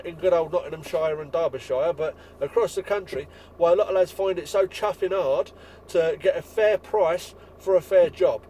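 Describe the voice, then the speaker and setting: A man's voice: high-pitched, warm tone, a little hiss or hum, poor audio. A man, a window cleaner ranting bluntly and swearing as he talks to fellow tradesmen.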